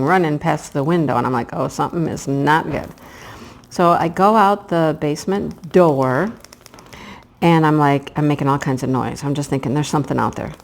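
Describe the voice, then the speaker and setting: A woman telling a story to her viewers in a casual, animated way, talking straight to them as you guys. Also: on the low side, a little hiss or hum. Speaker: craft vlogger.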